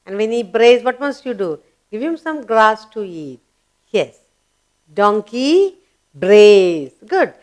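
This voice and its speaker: A woman's voice: a little high, sing-song, unhurried. A woman teaching young children, asking questions, answering them herself and spelling words letter by letter in an emphatic, coaxing way. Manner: emphatic, coaxing classroom delivery. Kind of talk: children's grammar lesson.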